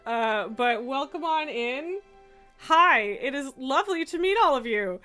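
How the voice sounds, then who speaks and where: A woman live-streaming a game, cooing baby talk to her cat and chatting warmly with viewers. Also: sits high, expressive, moderate pace. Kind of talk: casual live-stream chat. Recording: faint music behind.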